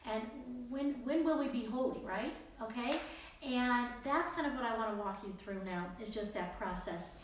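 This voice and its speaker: A woman's voice: on the high side, normal speed. Earnest woman teaching in an echoey room. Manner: earnest, conversational, many fillers and restarts. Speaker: Bible study leader. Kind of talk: casual Bible teaching. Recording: very echoey room with faint noise.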